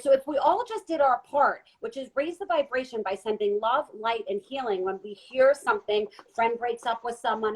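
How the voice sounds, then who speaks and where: A woman guest giving an earnest, gentle spiritual talk during a live online chat. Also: a little high, slightly rough, low-quality recording. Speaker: guest intuitive reader. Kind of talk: casual live-stream talk.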